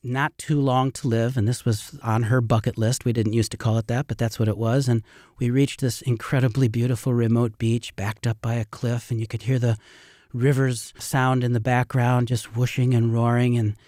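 A man's voice: medium pitch, flat delivery, moderate pace, darkish tone, no room sound, studio quality. A middle-aged man, a river rafting guide, telling stories earnestly and ramblingly in a radio interview.

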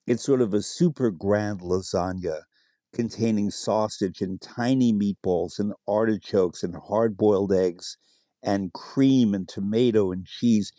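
A man's voice: lowish voice, unhurried, warm tone, no echo, clean studio sound. A man being interviewed on the radio as an expert on Italian food, explaining dishes with enthusiasm and spelling out words.

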